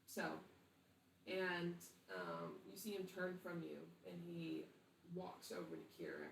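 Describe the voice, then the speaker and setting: A woman narrating a tabletop game as game master, slow and hesitant with many fillers. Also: fairly low pitch, sing-song, creaky, a bit bright, recorded from a distance, a little hiss or hum. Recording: echoey room, off the mic.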